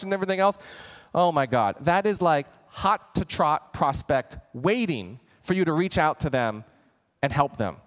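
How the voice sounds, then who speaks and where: A man giving an energetic marketing training talk, animated and acting out imagined customers. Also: high voice, big-room sound. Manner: animated, voices imagined customers, gets worked up. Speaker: marketing coach.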